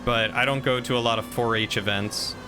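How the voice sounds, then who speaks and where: A man's voice: medium pitch, steady tone, brisk, over music. A man from the American South streaming a game, chatting with viewers in a playful, defensive way. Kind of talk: casual gameplay chat with viewers.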